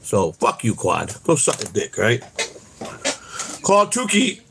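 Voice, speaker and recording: A man's voice: mid-range voice, wildly swooping pitch, slow pace, creaky, fairly bright tone, slight background noise. A middle-aged man hosting an online show, ranting in a rambling, profane, heated way. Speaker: host. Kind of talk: casual ranting chat.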